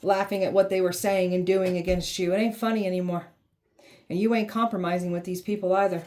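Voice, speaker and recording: A woman's voice: fairly low pitch, level tone, a little fast, darkish tone, slight background noise. A woman giving a blunt tarot reading, sassy and heated, swearing freely and mocking the people she describes. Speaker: tarot reader.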